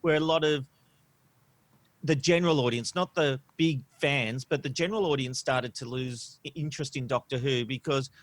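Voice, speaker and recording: A man co-hosting a podcast, talking in an opinionated, animated way with frequent "you know" and "um". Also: medium pitch, moderate pace. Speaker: podcast co-host. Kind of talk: casual podcast discussion. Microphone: studio microphone.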